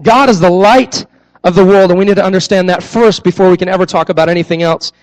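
High-voiced young man preaching a sermon. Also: quick pace, low-quality recording. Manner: animated storytelling with acted-out voices; repeats key phrases for emphasis. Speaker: youth pastor.

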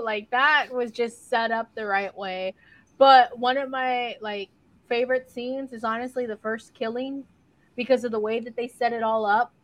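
A woman's voice: fairly high pitch, a bit bright, no echo, rough recording. A woman co-hosting a podcast in casual chat, laid-back and slangy with casual swearing. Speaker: podcast co-host.

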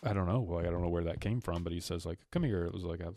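Deep, mellow-voiced man recapping a movie. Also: steady tone, very fast. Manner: retells scenes, acting out characters' lines in a lifted voice; loose, rambling, many restarts. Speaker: podcast co-host. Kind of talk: casual movie recap chat.

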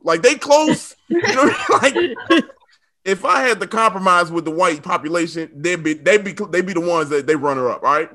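Male storyteller, 30s; high, bright voice, animated and laughing. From South Side of Chicago. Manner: animated, laughing often, slangy asides to the audience. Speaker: storyteller on a comedy show. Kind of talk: comic storytelling.

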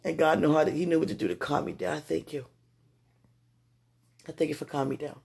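Husky, gravelly voice praying aloud, just woken. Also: medium pitch, quick pace. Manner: talks aloud to God, rambling and emotional; swings between excited bursts and quiet murmurs. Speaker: spiritual vlogger. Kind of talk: spontaneous prayer and spiritual message.

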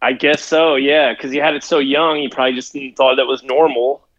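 A man's voice: mid-range voice, fairly even intonation, a little fast, a bit bright, muffled recording. A man co-hosting a casual podcast, rambling in slangy talk and laughing a lot. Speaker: podcast co-host. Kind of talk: casual chat.

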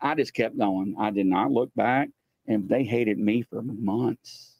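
A man's voice: lowish voice, unhurried, vocal fry, dry recording, muffled recording. A middle-aged man from the United States hosting a show, telling stories casually and acting out the voices of the people in them. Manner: animated, acts out voices while telling stories. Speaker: host. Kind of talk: casual storytelling.

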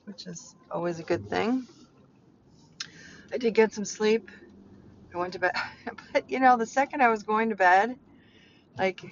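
A middle-aged woman hosting her own podcast, talking in a rambling, chatty way full of fillers. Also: mid-range voice. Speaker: podcast host, clarity coach. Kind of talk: casual personal monologue. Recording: slightly dull lo-fi sound with faint noise.

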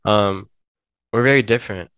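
A man's voice: on the low side, normal speed, dry recording, dull audio. A man hosting a podcast in a casual discussion, talking earnestly and bluntly and often correcting himself as he goes. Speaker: podcast host.

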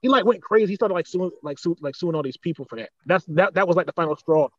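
A man co-hosting a podcast in casual chat, riffing in a rapid, rambling, profane way with street slang. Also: sits high, animated, a bit bright, lo-fi sound. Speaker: podcast co-host.

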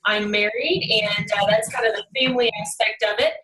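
A woman's voice: mid-range voice, fairly even intonation, normal speed, bright, forceful tone, roomy sound, recorded from a distance, slight background noise, poor audio. A woman in her thirties with a Texas twang, chatting as a podcast guest with lots of fillers. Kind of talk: podcast interview.

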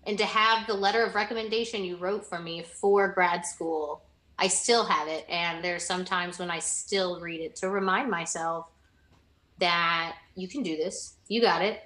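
A woman's voice: lowish voice, fairly even intonation, measured pace, bright, forceful tone, roomy sound. A young woman in a casual interview, talking earnestly about past mentors and often restarting her sentences. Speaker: interviewee, former student.

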